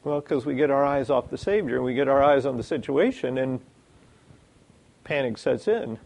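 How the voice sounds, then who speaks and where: Animated male preacher with a gravelly voice. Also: medium pitch, normal speed. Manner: animated, acts out quoted lines, reads scripture. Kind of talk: sermon.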